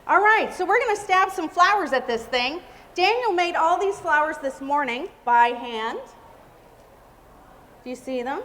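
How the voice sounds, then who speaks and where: A woman's voice: sits high, lively intonation, unhurried, a bit bright. A woman giving a live cake decorating demonstration, chatty and exclamatory. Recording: reverberant hall with faint noise.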